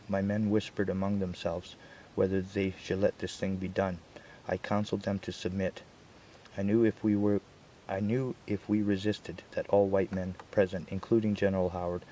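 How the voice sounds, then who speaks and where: Deep, flat-voiced male reader. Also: a little hiss or hum. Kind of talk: reading a historical first-person account aloud.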